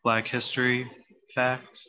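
A man's voice: mid-range voice, monotone, slow pace, sharp tone, clean tone, muffled recording. A man co-hosting a comedy podcast, playful and giggly, with lots of ums and uhs. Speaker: podcast co-host. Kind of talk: casual comedy banter.

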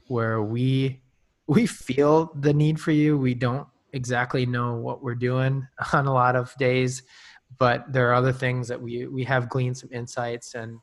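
Man from North Dakota in his thirties, casual podcast guest; jokey anecdotes, voice leaps up for punchlines, mid-range pitch. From North Dakota, USA. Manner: jokey storyteller, pitch jumps when telling anecdotes. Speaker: podcast guest, campus ministry director.

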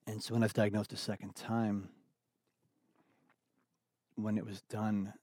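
A middle-aged man speaking as an interview guest, earnest and reflective, often halting and restarting his sentences. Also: on the low side, little pitch movement, warm tone, slightly rough, no echo, clean studio sound. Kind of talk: candid personal conversation.

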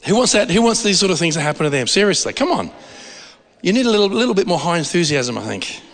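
Aussie preacher guy, high lively voice, laughs a lot, big echoey church. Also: fast talker. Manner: storytelling, laughing often, excitable. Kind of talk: sermon.

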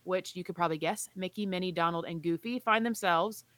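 Woman co-host, bright voice, chatty, reads news with little jokes, dry close sound. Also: fairly low pitch, fairly quick, dry recording. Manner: chatty, reads news aloud with playful asides. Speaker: podcast co-host. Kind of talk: casual chat reading park news.

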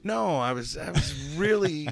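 A man's voice: a little high, unhurried, creaky. Rambling, joking man on a chat show. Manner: rambling, joking, animated storyteller. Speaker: podcast co-host. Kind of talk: casual chat.

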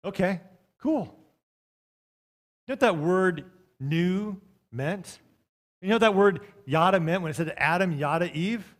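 High-voiced male pastor preaching. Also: animated, measured pace, long pauses. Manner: preacherly, swings between soft and loud, quotes scripture. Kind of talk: sermon.

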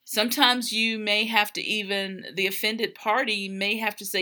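A woman's voice: mid-range voice, moderate pace, hardly any pauses. A woman co-hosting a podcast with her husband, telling stories expressively and laughing easily. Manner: warm, laughing, expressive storyteller. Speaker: podcast co-host. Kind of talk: casual chat about marriage.

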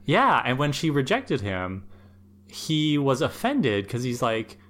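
Man podcast cohost, mid-pitched, earnest and analytical. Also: sing-song, takes it slowly, a bit bright. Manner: earnest, analytical, rising with emphasis. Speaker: podcast co-host. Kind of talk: casual analytical chat.

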